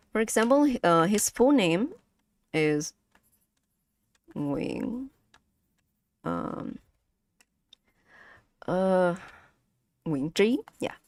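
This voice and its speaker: Young woman, Vietnamese accent, casual stream teacher; unhurried and halting, slightly low voice, dry close sound. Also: darkish tone, no room sound. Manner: slow, halting, many fillers and repeats, laughs often. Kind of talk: casual language lesson stream.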